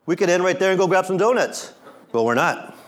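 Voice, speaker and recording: Middle-aged male pastor, lively sermon delivery, fairly high voice, playful asides. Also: fairly quick. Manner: animated, acts out quotes, jokes with congregation.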